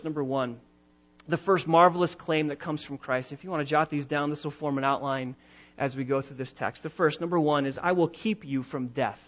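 A pastor preaches a sermon emphatically, slowing down and rising in pitch to stress and draw out his key phrases. His voice is high and a bit bright, and the sound is lo-fi.

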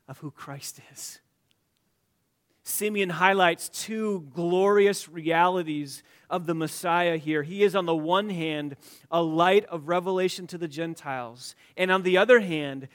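Fairly high-voiced preacher, hushed to emphatic. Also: male voice. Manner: swings from hushed, near-whispered lines to loud emphatic declarations; repeats phrases for emphasis. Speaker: pastor. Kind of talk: sermon.

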